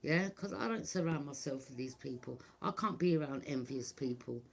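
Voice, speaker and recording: A woman's voice: extremely low pitch, animated, moderate pace, vocal fry, a little hiss or hum. A middle-aged woman, talking bluntly and repetitively to her viewers as a tarot reader. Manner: blunt, repetitive, keeps asking "do you understand". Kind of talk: casual monologue to viewers.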